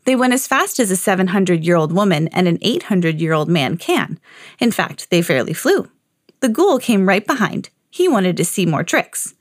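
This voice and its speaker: A woman's voice: lowish voice, big pitch swings, normal speed, no echo, studio quality. A woman, a mother, reading a children's picture book aloud in a sing-song storytelling way.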